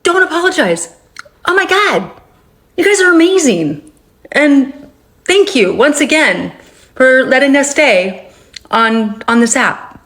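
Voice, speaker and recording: Fast, emphatic woman from California. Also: high voice, sing-song, a bit bright. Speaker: app user speaking to camera. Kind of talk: casual vlog to camera.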